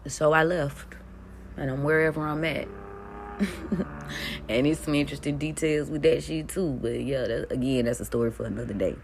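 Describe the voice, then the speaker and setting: A woman's voice: sits low, normal speed, gravelly, pauses often, a little hiss or hum. A woman in her thirties telling her story in a casual monologue, blunt and profane, laughing between lines. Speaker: spiritual content creator.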